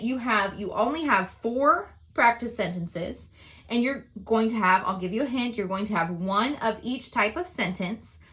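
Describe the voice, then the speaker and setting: A woman's voice: a little high, a bit bright. A woman teacher explaining sentence types in a recorded lesson, often checking in with "okay?" and "right?".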